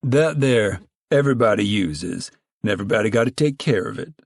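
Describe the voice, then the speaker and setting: A man reading aloud and voicing a big, powerful woman who chairs a camp committee, booming, formal and proud. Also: animated, fairly quick, gravelly, no room sound, studio quality.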